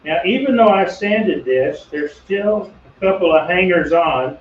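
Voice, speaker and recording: A man's voice: high-pitched, animated, unhurried. A middle-aged man hosting a woodworking video, chatting casually and telling rambling, self-deprecating stories while he works. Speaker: woodworking channel host. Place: home workshop. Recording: distant, echoey, dull workshop audio with faint hum.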